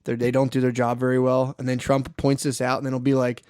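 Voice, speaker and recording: Fast talking guy on a podcast, cusses a lot, acts out what people said, dry sound. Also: mid-range voice, completely flat delivery, darkish tone, clean tone, dry recording. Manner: swears freely, tells stories with quoted voices. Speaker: podcast co-host. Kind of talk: casual chat.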